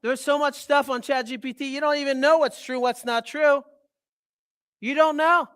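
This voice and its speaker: High-voiced man giving an emphatic health talk. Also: steady tone, moderate pace, fairly bright tone. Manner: emphatic, repeats key points, quizzes the audience. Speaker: health speaker. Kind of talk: live seminar talk to an audience.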